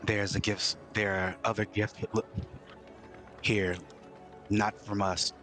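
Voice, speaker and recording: A man's voice: on the low side, little pitch movement, takes it slowly, a bit bright, faint music behind, voice pushed down. A man voicing a terse, guarded stranger in a tabletop game, speaking in short clipped lines. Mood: cryptic.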